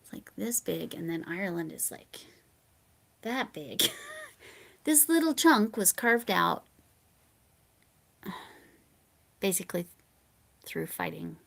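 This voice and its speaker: An American woman hosting a livestream, chatting casually with viewers and reading their comments. She rambles and drifts into soft mumbled asides. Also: fairly low pitch, huge pitch swings, takes it slowly, gravelly, long pauses. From United States. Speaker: livestream host.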